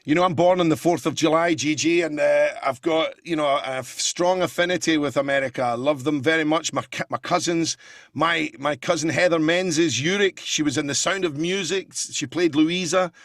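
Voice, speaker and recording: Male impressionist guest, lively anecdotal chat, slightly high, dry. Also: fairly quick, no echo. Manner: lively anecdotes, bursts of laughter and voices. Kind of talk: casual talk-show chat.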